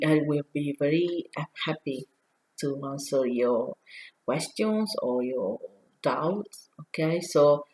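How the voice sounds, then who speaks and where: A native Italian woman with a clear Italian accent runs an online lesson for beginners. Her voice sits low, and she speaks slowly. She pronounces each word with care so listeners can repeat it. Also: low-quality recording. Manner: slow, careful, pronounces words for repetition. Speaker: Italian teacher. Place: home, sharing a whiteboard on screen.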